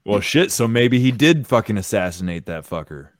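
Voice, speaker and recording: This podcast host has a low-leaning voice with big pitch swings and a normal speaking speed. He chats casually while reacting to a clip, swearing freely and theorizing animatedly. The sound is dry and studio quality.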